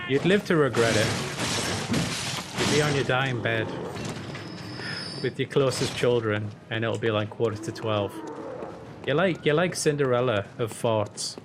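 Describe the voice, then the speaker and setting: A man's voice: medium pitch, moderate pace. A young man chatting casually on a game stream, rambling, joking and swearing. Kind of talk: casual live-stream chat. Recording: steady background noise.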